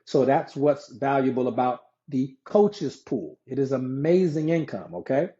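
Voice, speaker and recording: Man, network marketing presenter, live-streamed pitch, repetitive and conversational, mellow tone, muffled lo-fi audio. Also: expressive, unhurried. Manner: conversational, repetitive, reads and answers viewer comments. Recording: dull lo-fi sound.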